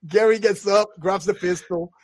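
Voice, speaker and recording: Animated man telling stories, laughing. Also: sits high, breathy edge. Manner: animated storyteller who acts out quoted voices and laughs often. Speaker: podcast co-host. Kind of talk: casual chat, storytelling.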